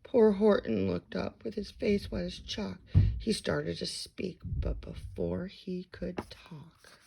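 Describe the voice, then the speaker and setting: A woman reads a bedtime storybook aloud with dramatic, expressive flair. She takes her time, and her voice has a gravelly, creaky texture. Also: on the low side, slow pace.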